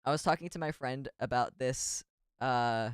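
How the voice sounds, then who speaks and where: A man's voice: mid-range voice, normal speed, smooth, no echo, studio quality. A man streaming as a VTuber in casual chat, rambling and giggly with self-deprecating asides.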